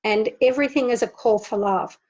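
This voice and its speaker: A woman giving a gentle spiritual talk to an online group, repeating words for emphasis. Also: a little high, a little fast. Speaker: spiritual teacher. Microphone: video call. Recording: dull lo-fi video call audio.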